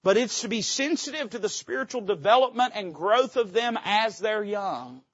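A pastor delivers an impassioned sermon, his fairly high voice climbing into loud peaks and then dropping to quiet asides. The sound is dry and a little dull, as if recorded close on a modest mic. He speaks with folksy directness. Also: expressive, normal speed, breathy edge, no room sound. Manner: impassioned preaching, swinging between soft asides and loud climaxes. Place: church sanctuary.

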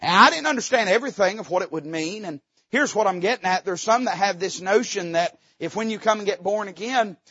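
Brief: male pastor, high voice, fervent folksy sermon delivery, dry and slightly dull recording. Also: no echo. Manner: fervent, folksy, with sudden loud rises and dips. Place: church sanctuary.

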